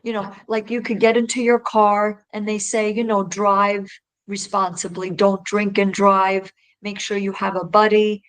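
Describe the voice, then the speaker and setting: Woman podcast guest, earnest and heartfelt, unhurried delivery, rambling restarts. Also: medium pitch, level tone, low-quality recording. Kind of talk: casual interview talk.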